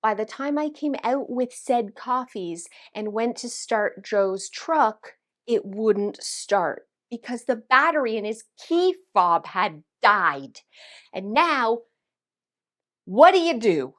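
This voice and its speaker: Lively woman telling a story. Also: a little high, takes it slowly. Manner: animated, dramatic retelling with voiced quotes. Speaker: host. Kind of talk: casual storytelling to camera.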